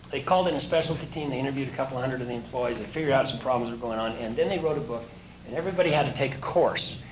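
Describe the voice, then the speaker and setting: A man speaks as a motivational coach, spinning folksy anecdotes at an even, middling pitch. He chuckles now and then as he tells his stories. The room sounds roomy and echoey, with a faint hiss underneath. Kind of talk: anecdotal storytelling talk.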